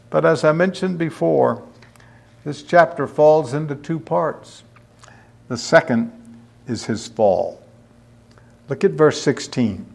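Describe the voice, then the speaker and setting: Slow, deliberate male Bible teacher. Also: a little high, expressive, gravelly, darkish tone. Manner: slow, deliberate, reading verses aloud with fillers. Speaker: preacher.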